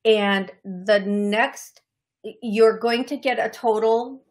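A woman's voice: mid-range voice, slow pace. A woman hosting a live call-in show as a psychic medium, chatting casually and greeting viewers by name in short bursts full of fillers and restarts.

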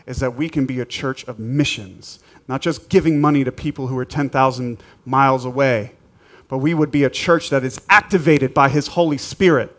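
A male pastor preaching and leading prayer, urging the church with repeated calls that build into shouted prayer. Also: medium pitch, fairly even intonation, normal speed. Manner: urgent, repetitive exhortation building to shouted prayer. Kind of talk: sermon and prayer.

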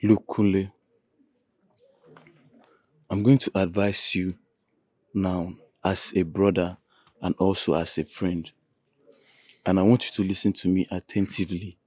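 A man's voice: low voice, little pitch movement, a little slow, long pauses, mellow, dry recording. A young man with a Nigerian accent playing a blunt teen boy who earnestly advises his friend.

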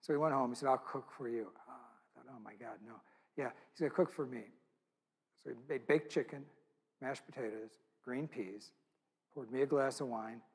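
A man's voice: mid-range voice, normal speed, slightly rough. A man speaking at a church event, telling an intimate, earnest story with quoted dialogue.

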